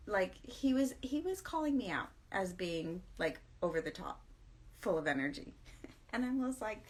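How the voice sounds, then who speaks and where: A tired middle-aged woman talks straight to camera in a casual morning vlog. Her voice sits a little high, and she stays chatty and self-mocking, breaking into laughs often. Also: expressive, measured pace. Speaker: vlog host.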